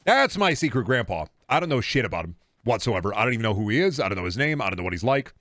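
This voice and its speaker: A young man with a Midwestern American accent streams a game and rambles casually, reading and answering his chat. His voice is on the low side and a bit bright, very animated and fast, captured in clean studio sound with no room echo.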